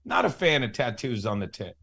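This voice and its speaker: A man's voice: lowish voice, lively intonation, brisk, vocal fry, pushed and bright, husky. A man who is a guest comedian, crude and joking, boasting in a self-mocking way.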